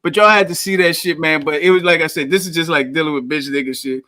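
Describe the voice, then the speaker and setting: A man's voice: on the high side, steady tone, fast talker, pushed and bright. A man hosting a podcast, telling a funny barbershop story in casual, profane banter and laughing as he goes.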